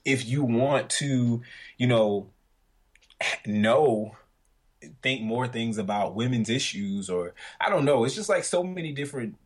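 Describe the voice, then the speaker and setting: A man's voice: medium pitch, lively intonation, measured pace, slightly rough. A man with a Southern US accent co-hosting a podcast, telling stories in a loose, rambling chat with many fillers. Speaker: podcast co-host. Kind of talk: casual chat.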